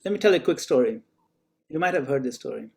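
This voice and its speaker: A man's voice: mid-range voice, expressive, fast, gravelly. A man teaching in an online class, telling a story in a conversational way with fillers. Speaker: spiritual teacher.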